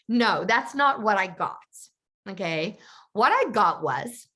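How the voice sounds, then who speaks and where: A woman coach telling a personal story to her group in a chatty, animated way. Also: mid-range voice, moderate pace. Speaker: confidence coach. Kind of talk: storytelling in an online coaching session.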